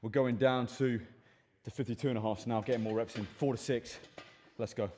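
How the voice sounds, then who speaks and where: A man's voice: mid-range voice, fairly even intonation, fairly quick. A man vlogging his workout, talking himself through heavy sets in an upbeat coaching manner and often out of breath between sets. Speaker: fitness vlogger. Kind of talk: gym workout vlog commentary. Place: indoor gym. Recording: echoey gym from far off, loud background noise.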